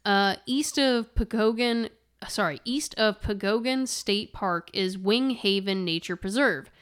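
A woman's voice: medium pitch, a little slow, a bit bright, clear, resonant tone. A woman with an American accent, co-hosting a podcast and reading ghost lore aloud, laughing and stumbling often. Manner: giggly, reads aloud with frequent laughs and stumbles. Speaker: podcast co-host.

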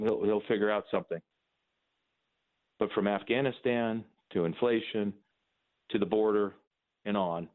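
A man hosting a call-in radio talk show, opinionated and emphatic, with mocking asides. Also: fairly low pitch. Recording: phone-like narrow band.

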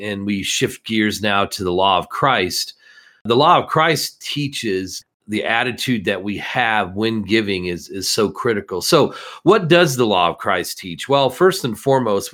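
A man's voice: on the low side, fairly bright tone. A man co-hosting a conversational Bible study discussion, explaining earnestly and reading scripture aloud.

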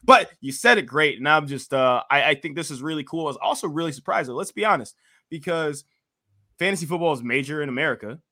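A man chats on a sports podcast in a bright, forceful voice. He jokes freely and talks with animated energy. The sound is close and dry. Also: a little high, fast, no echo. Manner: animated, jokey, mimics voices for laughs. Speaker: podcast co-host. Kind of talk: casual sports-tech chat.

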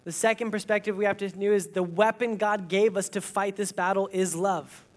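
Man in his thirties, pastor delivering a sermon with animated storytelling. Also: high-pitched, normal speed. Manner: animated storytelling, acts out quoted lines.

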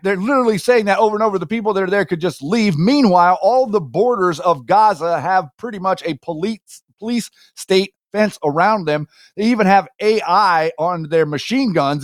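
A man's voice: high voice, no echo. Ranting male co-host, dry sound. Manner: heated, run-on ranting. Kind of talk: casual political talk show rant.

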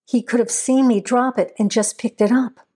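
Woman reading as a hot-tempered young man on the run, swearing and demanding, pitched fairly high. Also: fairly even intonation, normal speed, warm tone, husky.

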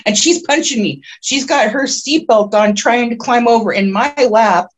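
A woman's voice: moderate pace, few pauses. A woman sits in as a podcast guest and tells a long personal story. She wanders through details, restarts her sentences and fills gaps with "um" and "like". Her voice climbs and speeds up when the story gets tense. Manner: rambling, vivid storytelling with many restarts and fillers; grows excited and high-pitched when telling the tense parts. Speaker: podcast guest, self-described oracle.

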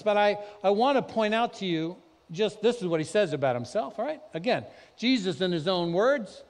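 Animated preacher in a reverberant hall. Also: male voice, sits high, moderate pace. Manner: conversational, animated preaching with sudden loud emphasis. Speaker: pastor. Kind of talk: sermon. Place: church sanctuary.

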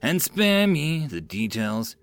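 A man's voice: fairly high pitch, big pitch swings, slow pace, dry recording, voice pushed up, exaggerated voice. A man voicing a male soldier who teases his friend in a dry way in an audiobook. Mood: dry teasing. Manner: dry teasing.

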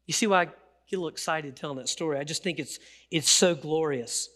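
Male pastor, sermon delivery, high and bright, animated storyteller. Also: fast talker. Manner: animated storytelling, acts out quotes.

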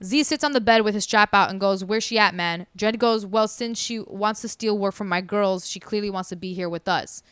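Smooth-voiced woman telling a wild story. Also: medium pitch, normal speed, few pauses, no room sound. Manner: animated, acts out quotes. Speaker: podcast storyteller. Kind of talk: casual storytelling.

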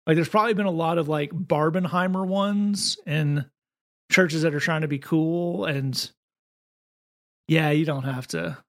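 A man with a Southern accent co-hosting a podcast, talking quickly and wryly in casual comedic chat. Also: fairly high pitch, steady tone. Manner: quick, wry, with frequent restarts. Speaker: podcast co-host.

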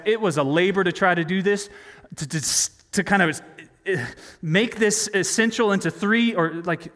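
A man's voice: high-pitched, bright, forceful tone. A man preaching a sermon in a conversational way, asking his listeners rhetorical questions. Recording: long hall reverb.

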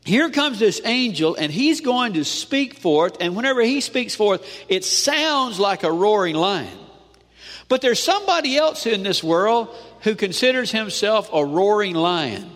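A male pastor preaching a sermon, asking "amen?" often and swinging between loud declarations and hushed lines. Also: high voice, big pitch swings, a little slow. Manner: preachy call-and-response with frequent "amen?". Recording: long hall reverb.

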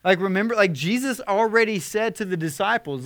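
A young man preaching a sermon as a pastor, conversational with fillers, swinging from impassioned emphasis to hushed tenderness. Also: sits high, expressive, a little fast. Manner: earnest, rising to impassioned emphasis then hushed.

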